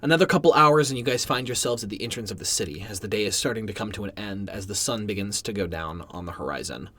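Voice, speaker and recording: A man narrating a tabletop game as game master, relaxed with filler pauses. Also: lowish voice.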